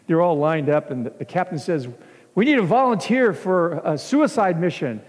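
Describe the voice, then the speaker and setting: A man preaching as pastor, telling a story in an animated way and acting out the scenes in a church. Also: fairly high pitch, normal speed. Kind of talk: sermon storytelling. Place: church sanctuary. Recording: long church hall reverb.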